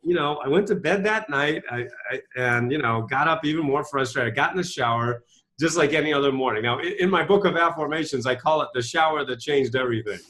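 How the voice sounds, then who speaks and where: A man's voice: a little high, fast, a bit bright. A middle-aged man, an author and speaker, telling his story as an interview guest with emphatic rhetorical questions. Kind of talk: animated storytelling.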